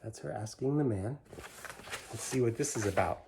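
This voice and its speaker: A middle-aged man reading a children's picture book aloud, stopping to explain the pictures in gentle asides. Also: medium pitch, normal speed, vocal fry, a little hiss or hum. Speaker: storybook reader.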